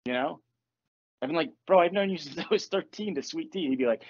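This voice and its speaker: A man's voice: a little high, fast, lo-fi sound. A man hosting a podcast, telling stories in casual chat, laughing often and acting out the voices of the people in his stories. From Virginia. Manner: animated, laughing, acts out quoted voices. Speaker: podcast host. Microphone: earphones on a call.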